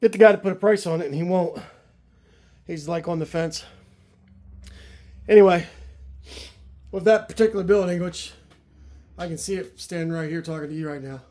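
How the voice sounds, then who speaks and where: A man's voice: on the high side, mellow. A man unloading a trailer of car parts outdoors in the cold, out of breath and talking while he works. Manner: talks while lifting and hauling, breathy pauses. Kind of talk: casual narration while working. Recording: echoey, distant camera audio with clear noise.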